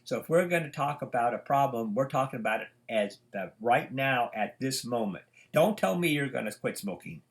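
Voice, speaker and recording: An older man gives a casual psychology lecture from his home. He rambles through anecdotes, stopping for fillers and restarts as he goes. His voice sits at an ordinary pitch. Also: animated, moderate pace, few pauses. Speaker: psychology teacher. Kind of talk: informal lecture.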